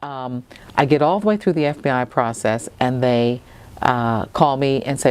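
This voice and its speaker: A woman's voice: extremely low pitch, moderate pace, clear, resonant tone. A woman in her sixties, a judge, being interviewed and telling stories about her career. She acts out the quoted dialogue in her stories. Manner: lively storyteller who acts out quoted dialogue. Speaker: federal judge, interview guest. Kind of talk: conversational interview storytelling. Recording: long reverb.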